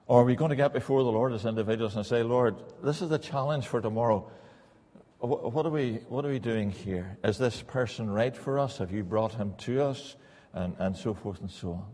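Middle-aged preacher in an echoing church. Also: male voice, medium pitch, warm tone. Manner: earnest, repeats lines for emphasis. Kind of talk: sermon.

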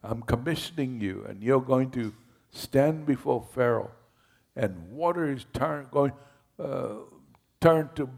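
A firm, patient God, voiced by a preacher retelling scripture. He speaks slowly and deliberately, with a gravelly edge. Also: medium pitch, a little mellow. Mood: promising. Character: commanding male God, patient but firm.

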